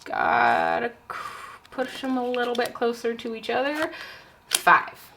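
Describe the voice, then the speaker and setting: A young adult woman book vlogger chatting casually at home, excitable and nervous as she plays a card game. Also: a little high, a little slow, creaky, background noise. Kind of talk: casual vlog chat.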